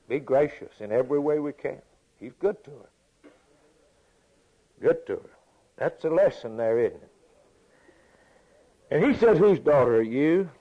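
A man preaches a sermon in a folksy, unhurried way, reading scripture and then explaining it. He repeats phrases for emphasis, and his mid-pitched voice comes through a dull, lo-fi recording. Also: husky. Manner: folksy, repeats phrases, chuckles between points.

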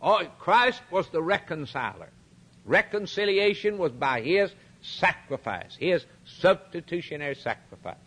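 Fervent male preacher, pitch ranging high. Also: big pitch swings, unhurried, fairly bright tone, husky. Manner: dramatic retelling, emphatic repetition. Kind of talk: sermon.

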